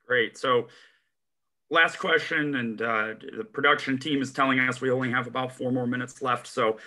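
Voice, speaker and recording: A man's voice: mid-range voice, steady tone, moderate pace, pushed and bright. A man moderating a convention session, speaking hesitantly with many fillers. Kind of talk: panel moderation.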